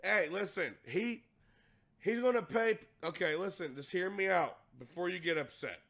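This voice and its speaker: A young man hosting a show, telling a profane comic story, laughing hard and acting out quotes in a low voice. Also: moderate pace, fairly bright tone.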